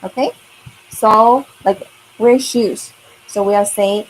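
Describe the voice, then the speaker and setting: A woman runs a beginner language lesson for kids at a slow, unhurried pace, repeating each new word so the children can say it back. Her voice sits at an ordinary middle pitch. A faint hiss of background noise runs under her computer microphone. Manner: slow, patient, repeats words for learners to echo. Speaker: Chinese teacher. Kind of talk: online kids' language lesson.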